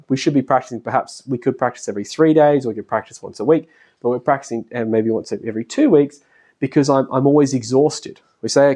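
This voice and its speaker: A man's voice: mid-range voice, dark tone. A middle-aged man giving a casual spoken lecture, chatting, laughing often and acting out the voices of family members. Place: classroom.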